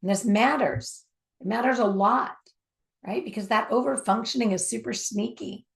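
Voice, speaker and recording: A woman giving a spoken teaching on communication, emphatic and repetitive for stress, sometimes dropping to a soft near-whisper. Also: fairly high pitch, normal speed, vocal fry.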